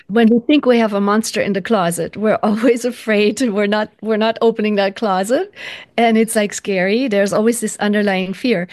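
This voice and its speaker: A woman's voice: medium pitch, darkish tone. Earnest woman guest, reflective and searching, often restarts. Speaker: interview guest, practitioner. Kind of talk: reflective interview talk.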